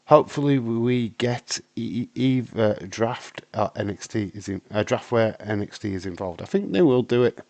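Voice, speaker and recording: A man, hoarse with a breaking voice, hosting a live stream in a casual, rambling chat while answering viewer comments. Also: lowish voice, darkish tone, no echo. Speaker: wrestling stream host.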